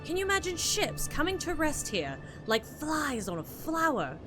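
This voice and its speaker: A woman voicing a curious young woman explorer who speaks in a low, measured, musing way. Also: big pitch swings, music in the background.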